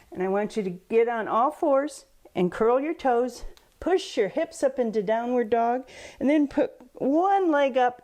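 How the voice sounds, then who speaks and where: A woman's voice: a little high, a little mellow. A woman reading a picture book aloud and coaching children through yoga poses in a patient, encouraging way. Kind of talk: storybook reading with kids' yoga instruction.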